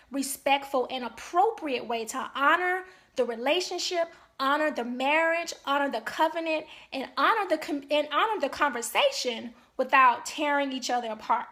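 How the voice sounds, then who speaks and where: A woman's voice: high-pitched, fairly bright tone. A woman marriage counselor giving an earnest, emphatic talk to couples, often checking in with "okay?".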